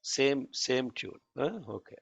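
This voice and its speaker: A man leads an online chanting lesson, speaking slowly and patiently correcting students, then demonstrating lines himself. His voice comes through dull, lo-fi and dry, like a call recording. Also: medium pitch, sing-song, vocal fry, dry recording. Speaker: chanting teacher.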